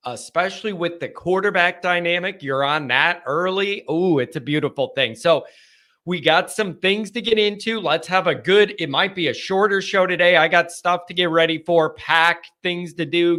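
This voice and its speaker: A man's voice: on the high side, moderate pace, sharp tone. A man hosting a live fan call-in stream, talking casually and rambling a little with small laughs and restarts. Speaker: host of a fan call-in show.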